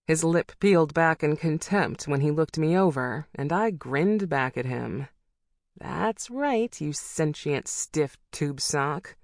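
A woman reading a first-person novel aloud as an audiobook narrator, with wry, brisk storytelling. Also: low-pitched, expressive, no room sound, studio quality.

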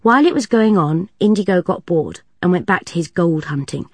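A woman's voice: lowish voice, lively intonation, brisk, a little mellow, dry recording. Woman reading a storybook, close and dry. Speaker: audiobook narrator.

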